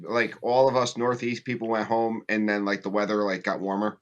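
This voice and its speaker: Calm co-host steering the chat. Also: medium pitch, a little fast, lo-fi sound. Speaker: livestream co-host. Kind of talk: casual group chat on a video call.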